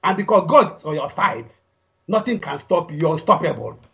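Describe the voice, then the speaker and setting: Guy calling in and praying hard, high voice, kinda muffled sound. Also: sing-song, fairly quick, gravelly, bright, forceful tone. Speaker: caller. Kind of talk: fervent prayerful speech.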